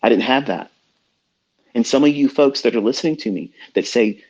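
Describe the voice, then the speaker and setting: A man's voice: mid-range voice, moderate pace, a little mellow, slightly rough. A middle-aged man mentoring traders in a blunt, profane, heated rant, heard over dull lo-fi online audio. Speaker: trading mentor. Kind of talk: ranting motivational talk.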